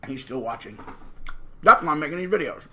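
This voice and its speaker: A channel host speaks directly into the camera at a quick pace, his slightly high, sharp voice animated as he rants emphatically and sarcastically. He performs the voices of the people he quotes.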